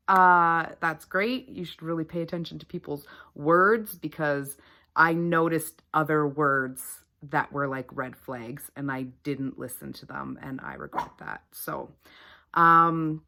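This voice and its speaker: A woman's voice: sits low, expressive, slow pace, pushed and bright. A woman vlogger telling a personal faith testimony to the camera in an earnest, chatty way, with many fillers.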